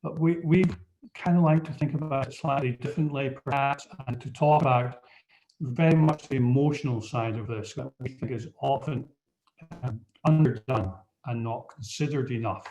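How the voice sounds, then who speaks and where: A man's voice: medium pitch, normal speed, warm tone. A man with a slight Scottish accent presenting a webinar over a video call, hesitant, with many ums and restarts. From Scotland. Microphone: computer mic on a video call. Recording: muffled video call audio.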